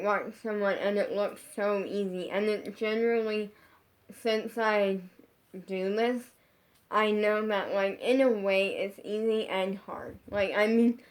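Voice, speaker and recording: Rambling woman telling a vlog story. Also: mid-range voice. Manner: rambling, heavy use of 'like', frequent restarts. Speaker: social media creator. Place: her bedroom.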